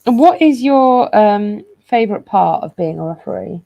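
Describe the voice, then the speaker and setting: A woman hosting a live stream and reading out viewer comments, relaxed and hesitant with lots of fillers. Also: mid-range voice, unhurried, vocal fry, lo-fi sound.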